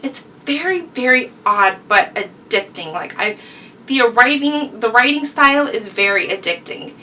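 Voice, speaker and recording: A woman's voice: a little high, animated, measured pace, pushed and bright, far from the mic, slight background noise, poor audio. A young woman, chatting through a casual book review vlog, rambling and enthusiastic. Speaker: book vlogger.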